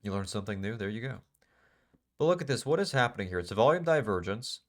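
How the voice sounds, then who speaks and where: A man's voice: lowish voice, expressive, quick pace. A man teaching a live trading class in a casual, emphatic way, repeating phrases and asking the class questions. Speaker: trading instructor.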